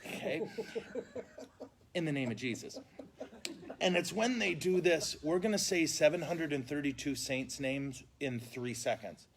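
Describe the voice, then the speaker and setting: Brief: male priest, somewhat high voice that swoops a lot, animated comic storyteller, casual talk. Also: a little slow, creaky. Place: indoors at a funeral home, live stream.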